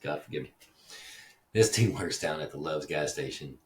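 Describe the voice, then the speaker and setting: A man's voice: very deep voice, expressive, moderate pace, roomy sound, recorded from a distance, slight background noise. A man casually telling a story in a profane, rambling, reflective way, acting out the dialogue. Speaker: podcast host. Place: echoey house.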